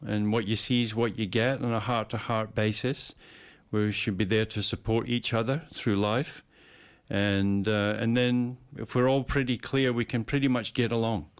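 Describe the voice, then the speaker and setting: Speaking at a normal speed in a fairly low, level, smooth voice, a man chats casually. He rambles as he muses, repeats words, and slips into playful voices.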